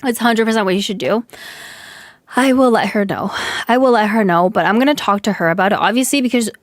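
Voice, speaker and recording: Talking fast in a casual live chat, a young woman streamer vents, tossing in "like" constantly. Her mid-range voice sounds a little hoarse from yelling.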